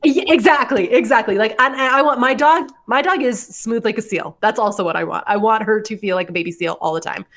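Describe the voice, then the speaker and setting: A woman's voice: on the high side, brisk, few pauses, fairly bright tone. A young adult woman hosting a podcast, telling a story in casual chat, full of likes and laughs. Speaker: podcast host.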